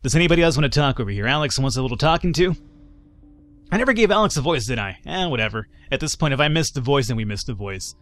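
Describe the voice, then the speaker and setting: A man's voice: mid-range voice, expressive, fast talker, fairly bright tone. A man casually commentating a game he plays, chatty and joking, reading dialogue in voices. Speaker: gaming YouTuber. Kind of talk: let's play commentary.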